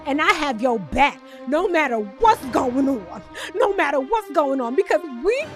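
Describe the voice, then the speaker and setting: A woman putting on a gushing, emotional woman who talks slowly and emphatically in a raised pitch. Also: very animated, faint music behind. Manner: slow, emphatic, high and drawn-out. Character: gushing tearful adult woman declaring loyalty.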